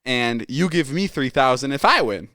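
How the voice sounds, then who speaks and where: Smooth-voiced young man telling a story. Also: medium pitch, moderate pace, no echo, studio quality. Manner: animated and profane, acts out friends' lines. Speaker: podcast host. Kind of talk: casual storytelling.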